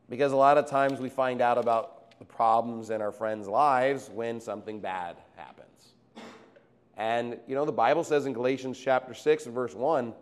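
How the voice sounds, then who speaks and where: A man's voice: mid-range voice, normal speed. A male pastor preaching a sermon in a conversational way, reading scripture and acting out everyday quotes.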